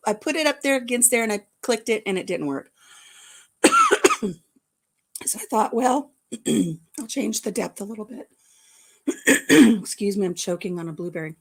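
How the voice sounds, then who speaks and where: Chatty, rambling woman vlog host. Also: fairly low pitch. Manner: chatty and rambling, greeting viewers by name. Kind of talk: casual livestream chat.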